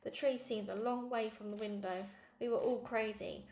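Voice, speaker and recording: A woman's voice: a little high, steady tone, normal speed, darkish tone. A woman reading a children's storybook aloud in a conversational first-person narration. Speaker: reader. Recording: echoey room, faint noise.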